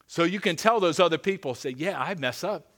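A man preaching a sermon as pastor, earnest and pleading, dropping to a hushed voice for emphasis. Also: a little high, expressive, brisk.

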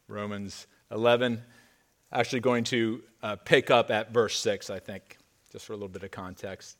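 A man's voice: lowish voice, fairly even intonation, moderate pace. A man, a pastor, preaching a sermon in a church. He reads scripture with emphasis, then slips into casual asides with stammered restarts. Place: church sanctuary.

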